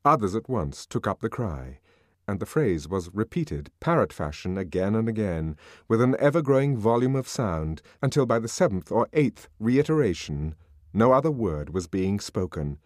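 A man reading a novel aloud as an audiobook narrator, expressive and dramatic. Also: fairly low pitch, moderate pace, no room sound, clean studio sound.

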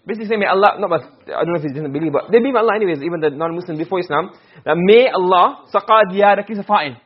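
A man teaching Arabic rhetoric in a classroom lecture, posing questions and answering them himself, and quickly chanting Arabic verse between his English explanations. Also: high voice, slightly rough. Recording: dull lo-fi recording.

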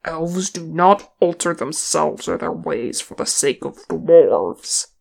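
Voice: mid-range voice, big pitch swings, takes it slowly, gravelly, exaggerated voice. A reader voicing a proud, furious dwarf king who growls and snarls his words in grief. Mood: bitter.

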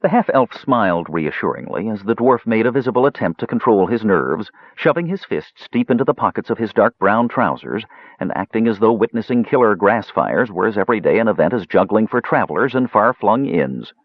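A man narrating a fantasy audiobook in an animated, expressive reading. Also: lowish voice, a little fast, no echo. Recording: dull dry lo-fi recording.

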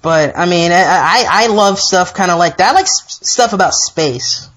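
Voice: mid-range voice, animated, normal speed, fairly bright tone, slight background noise. A podcast host chatting casually, joking and laughing often. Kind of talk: casual chat.

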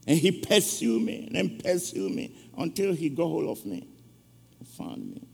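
A man's voice: fairly high pitch, wildly swooping pitch, a little slow, gravelly, slightly rough. A man preaching a sermon in a church, telling an emotional story and calling out questions to the congregation. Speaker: guest preacher. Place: church sanctuary. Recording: long church reverb.

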